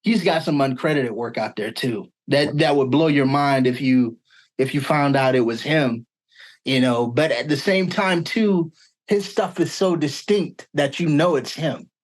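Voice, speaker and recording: A man's voice: fairly high pitch, measured pace. A voice actor guest, a man, answering earnestly and searching for his words in a casual chat.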